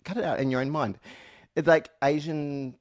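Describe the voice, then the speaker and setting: A man's voice: on the high side, moderate pace. A man hosting a podcast in casual chat, joking, restarting his sentences and trailing off. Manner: animated, restarts and trails off, jokey. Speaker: podcast host.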